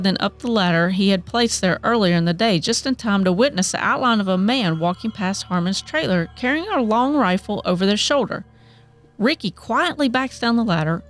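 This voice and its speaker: A woman narrating a horror story in a plain, steady reading voice. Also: medium pitch.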